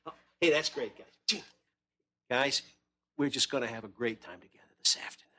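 A man's voice: medium pitch, moderate pace, bright, forceful tone. A creepy coaxing middle-aged man. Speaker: sitcom actor. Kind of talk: 1980s sitcom acting.

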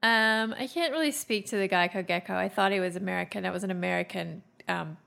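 A woman's voice: medium pitch, fast talker, creaky, a bit bright. An Australian woman co-hosting a casual podcast, playful and teasing in her banter. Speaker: podcast co-host.

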